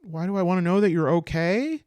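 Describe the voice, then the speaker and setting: A man's voice: on the high side, sing-song, measured pace, no room sound, voice pushed up. Man doing a stammering, nervous young hunter. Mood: flustered. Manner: stammering, rambling, apologetic.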